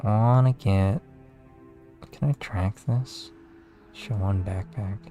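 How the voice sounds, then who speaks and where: A man giving casual, relaxed commentary while playing a game, tired and talking to himself with some swearing. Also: lowish voice, slow, soft background music. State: tired, yawning. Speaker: gaming video creator.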